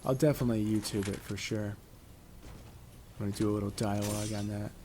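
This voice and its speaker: Laid-back, low-voiced gaming commentator man. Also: fairly even intonation, brisk, mellow. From Connecticut, USA. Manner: chatty, rambling, laid-back. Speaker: gaming YouTuber. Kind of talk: casual gameplay commentary. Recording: clear background noise.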